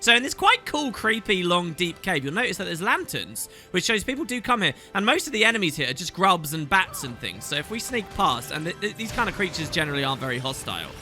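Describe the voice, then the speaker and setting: A man's voice: big pitch swings, fast, hardly any pauses, bright, forceful tone, faint music behind. A man in his thirties narrating a video game playthrough, chatty and enthusiastic. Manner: enthusiastic, chatty, swoops in pitch. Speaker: let's play host. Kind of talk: game commentary.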